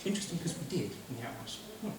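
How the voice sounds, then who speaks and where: A man presenting a convention panel, recapping a game in an excitable, laughing, swear-heavy way and acting out characters' lines. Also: mid-range voice, very fast. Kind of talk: animated comedic recap. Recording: echoey hall, distant mic, noisy.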